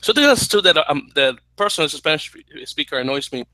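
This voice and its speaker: Podcast guy griping casually, bright tense voice, dry close mic, keeps restarting his sentences. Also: a little high, quick pace, dry recording, low-quality recording. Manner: animated, self-correcting, mildly annoyed rant. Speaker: podcast co-host. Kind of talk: casual chat.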